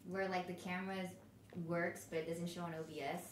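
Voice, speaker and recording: A woman's voice: lowish voice, flat delivery, fairly quick. A woman teasing a friend in casual chat. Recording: echoey, distant from the mic.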